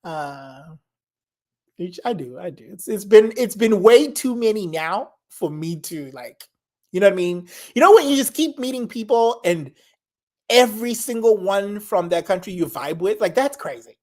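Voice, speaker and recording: A woman's voice: mid-range voice, animated, normal speed, a little mellow. A young woman from Zimbabwe, chatting casually and enthusiastically, rambling, repeating herself and laughing often. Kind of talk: casual chat.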